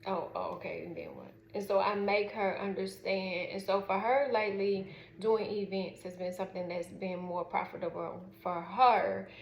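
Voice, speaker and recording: A middle-aged woman with a Southern US drawl speaks frankly and loosely, stopping often on fillers as she tells her story. Her voice sits at an ordinary middle pitch. The room is echoey, with a faint hiss of background noise. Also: steady tone, moderate pace, gravelly, muffled recording. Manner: frank, rambling, with lots of fillers. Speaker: mother. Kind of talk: casual storytelling vlog.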